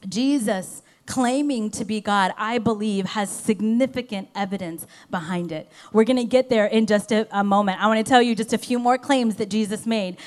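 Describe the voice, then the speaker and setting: A woman pastor preaching a sermon to her church, emphatic, swinging between loud urgency and soft hushed passages. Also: mid-range voice, normal speed, few pauses.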